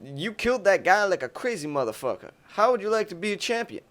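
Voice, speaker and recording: A man's voice: sits high, sing-song, fast, fairly bright tone, pitched above the performer's own voice. A man voicing a bumbling middle-aged male league leader who stammers and trips over his own words, for a comedy parody. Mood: awkward. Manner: stumbling, tongue-tied.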